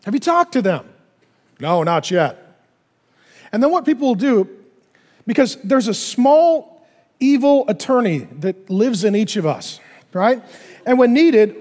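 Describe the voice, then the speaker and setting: A male pastor preaching a sermon in an animated way, acting out little dialogues in other voices. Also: very high voice, a little slow, big-room sound.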